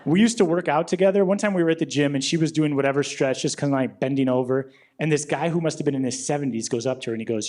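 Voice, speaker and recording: Deadpan fast-talking stand-up comedian man. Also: a little high. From Illinois. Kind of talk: stand-up set. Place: comedy club stage.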